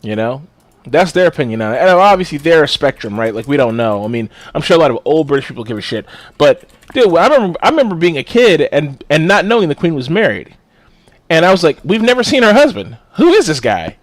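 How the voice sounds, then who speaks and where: A fairly high-pitched man talking in a loose, blunt podcast chat. He swears freely and laughs often, and his voice sits close and dry, with no room sound around it. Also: very animated, fast, no room sound. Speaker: podcast co-host. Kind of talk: casual chat.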